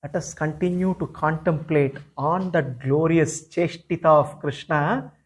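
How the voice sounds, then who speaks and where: A man's voice: fairly high pitch, fairly even intonation, measured pace, breathy edge. A man, a spiritual teacher animatedly retelling a scripture story with many "you know" asides.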